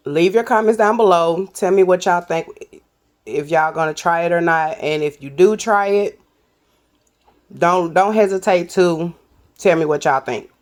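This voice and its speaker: Her pitch fairly low and her pace a little slow, a cooking vlogger talks easily to her viewers while putting together a burger and tasting it. She keeps it chatty and addresses them as "y'all."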